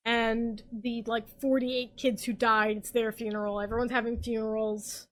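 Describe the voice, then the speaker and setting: A young woman podcast host, drunk, rambling excitably and swearing as she recaps a story in casual chat. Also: a little high, moderate pace.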